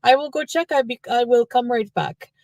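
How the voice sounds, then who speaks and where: A woman voicing a kind little old French Canadian lady volunteer, speaking sweet, halting broken English in an imitated French Canadian accent. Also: fairly high pitch, darkish tone, no room sound, studio quality, pitched above the performer's own voice, lightly acted. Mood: cheerful.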